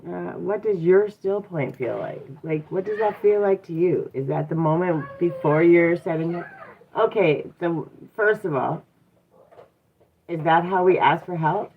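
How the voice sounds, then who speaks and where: A woman's voice: lowish voice, a little slow, a little hiss or hum. A woman hosting a motivational livestream, talking reflectively and encouragingly with rhetorical questions and frequent "um"s. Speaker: livestream host and mindset coach. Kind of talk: casual motivational livestream talk. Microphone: device mic from a live stream. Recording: tinny phone-like live stream audio.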